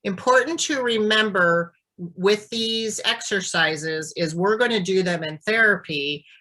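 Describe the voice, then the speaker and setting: A woman speech therapist explaining and demonstrating voice exercises in a clear, deliberate teaching manner. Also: medium pitch, pushed and bright, poor audio. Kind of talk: instructional demonstration.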